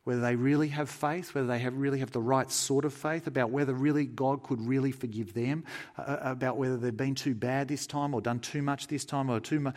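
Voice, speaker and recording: Earnest male preacher, mid-pitched, conversational sermon delivery that softens in prayer. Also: steady tone, fairly quick. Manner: earnest, conversational, drops soft for pleading and prayer.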